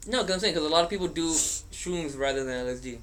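A man's voice: on the high side, lively intonation, quick pace. Blunt, swearing young man in chat. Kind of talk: casual chat among friends.

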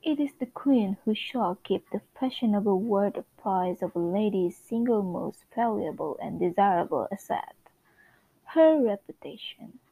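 A woman voicing a grand, gossiping society columnist in a put-on British accent, reciting slowly and theatrically. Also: mid-range voice, breathy edge, phone-quality sound. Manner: slow, stately, theatrical recital. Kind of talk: amateur dramatic reading.

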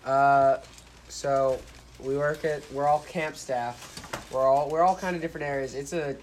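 A young man hosts a casual podcast from a cabin in the woods. He talks at an ordinary pitch in a loose, joking way and often restarts his sentences. A faint hiss runs under the recording. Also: steady tone, measured pace. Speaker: podcast host.

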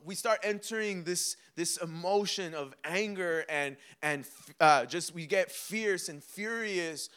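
A young man preaching a sermon, animated and humorous, acting out little dialogues with himself and God. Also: high-pitched, a little slow, few pauses, smooth. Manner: mixes laughter and humor into preaching. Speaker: pastor.

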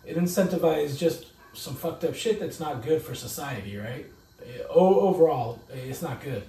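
Mellow-voiced, rambling man in echoey room. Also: on the high side, expressive, moderate pace. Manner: rambling, profane, filler-heavy. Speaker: podcast guest. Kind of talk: casual podcast chat. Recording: echoey room, mic at a distance.

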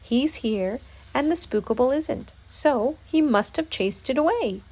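A woman doing a gentle, earnest teddy bear. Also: high-pitched, lively intonation, unhurried, pitched above the performer's own voice, exaggerated voice. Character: gentle, simple-minded male teddy bear.

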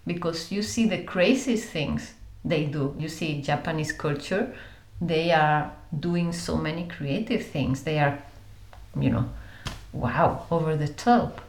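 A woman, telling stories as an interview guest in a lively way, acting out voices and using many fillers. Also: low voice, a little slow, roomy sound. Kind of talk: conversational storytelling.

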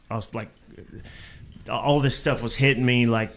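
A man's voice: on the low side, fairly even intonation, brisk. A man, a rock vocalist as guest, telling stories bluntly and with plenty of cussing in a casual interview. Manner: blunt, profane, rambling.

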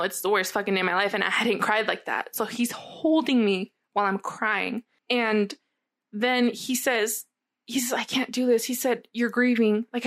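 A woman's voice: a little high, fairly bright tone. A young adult woman telling a candid personal story in casual chat, rambling and filling her talk with "like". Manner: rambling, heavy use of "like", candid and swearing.

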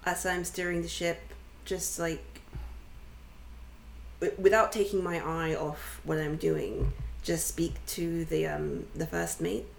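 A woman chatting as a player in a tabletop game, hesitant and polite. Her voice is on the low side. The room sounds echoey, with a faint hum behind her. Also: flat delivery, slow, creaky. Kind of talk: casual game chat.

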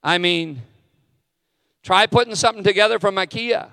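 A man's voice: high voice, normal speed, gravelly, sharp tone, clear, resonant tone, studio quality. A middle-aged man preaching a sermon as a pastor, candid and self-deprecating in his asides. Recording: long hall reverb.

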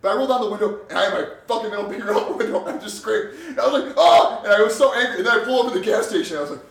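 A young man co-hosting a podcast, telling stories in a profane, animated way. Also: sits high, rapid-fire, vocal fry. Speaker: podcast co-host. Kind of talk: casual chat. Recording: roomy sound, distant from mic.

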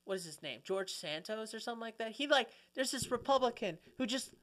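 Bright-voiced animated man co-hosting. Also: high voice, a little fast. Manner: animated, profane, rambling with restarts. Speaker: podcast co-host. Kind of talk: casual comedic chat.

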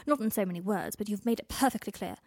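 A woman's voice: medium pitch, fast, a little mellow, dry recording, clean studio sound, lightly acted. A woman reading the lines of a proud, sarcastic young man, biting and emotional.

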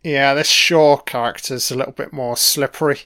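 A man's voice: medium pitch, steady tone, normal speed, pushed and bright. A man hosting a casual audio commentary over a film, with laid-back, profane running remarks.

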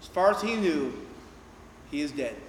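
A man's voice: fairly high pitch, expressive, moderate pace, slight background noise. A man preaching a sermon as pastor, earnest and emphatic. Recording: echoey hall.

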